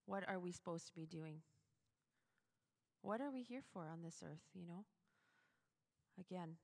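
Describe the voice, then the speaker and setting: A woman giving a chatty, animated devotional talk to other women, with sudden loud emphasis on key words. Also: fairly low pitch, gravelly. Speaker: devotional speaker. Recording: long hall reverb.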